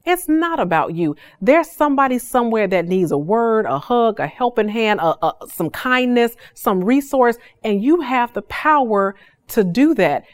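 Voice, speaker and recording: A woman hosting a faith-based podcast, telling stories in an animated, preacherly way. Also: fairly high pitch, moderate pace, no echo. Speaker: podcast host.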